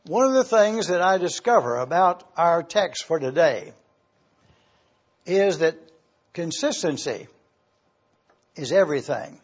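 A male pastor preaching a sermon to his congregation in a slow, deliberate, emphatic way, pausing often. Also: a little high, expressive, muffled recording.

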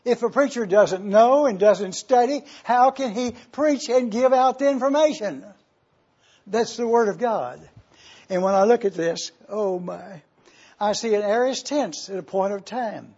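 Husky high-voiced male preacher. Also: a little slow, muffled recording. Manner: emphatic preaching, swells loud on key phrases, drops soft and low. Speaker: pastor. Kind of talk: sermon.

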